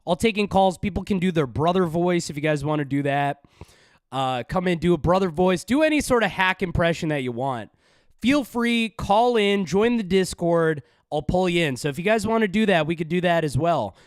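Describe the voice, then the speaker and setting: A man's voice: sits high, expressive, moderate pace, dry recording, studio quality. A man hosting a live stream, talking casually with heavy sarcasm and crude swearing. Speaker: stream host.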